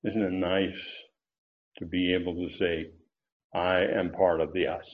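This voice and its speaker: A pastor with a low-sitting voice and level tone delivers an expository sermon, unhurried and teacherly, raising his voice on key words. The audio sounds tinny, like a phone.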